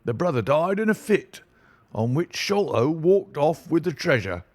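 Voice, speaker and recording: A man voicing a stout, blustering middle-aged police inspector with a muffled, husky, wheezing voice in an audiobook. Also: fairly high pitch, big pitch swings, measured pace, no room sound, pitched above the performer's own voice. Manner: pompous, brash and self-satisfied. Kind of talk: audiobook reading.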